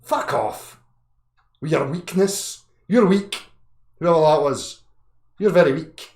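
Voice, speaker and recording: A man in his thirties ranting angrily on a live chat, profane, swinging from low muttering to shouting. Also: lively intonation, slow, roomy sound. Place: indoor room.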